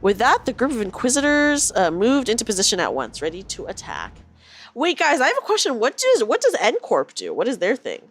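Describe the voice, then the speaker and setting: A woman's voice: a little high, wildly swooping pitch, a little fast. A woman streaming a game, chatting with viewers and reading dialogue aloud. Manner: chatty, reacts aloud and reads lines in character.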